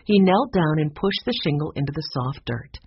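A woman narrating a children's chapter book in a measured storytelling way. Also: low-pitched, big pitch swings, husky, no room sound. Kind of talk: audiobook narration. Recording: dull lo-fi sound.

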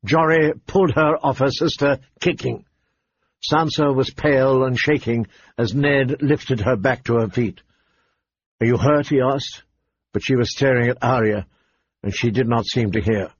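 A man narrating a novel in an even, storytelling delivery, in a dull, faintly noisy recording. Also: medium pitch, normal speed. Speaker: audiobook narrator. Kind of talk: scripted narration.

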